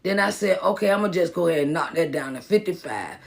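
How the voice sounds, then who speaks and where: Woman, motivational speaker and minister, gravelly, casual and repetitive, phone live stream. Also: lowish voice, animated, quick pace. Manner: casual, repetitive, greets viewers by name. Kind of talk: live-stream pep talk.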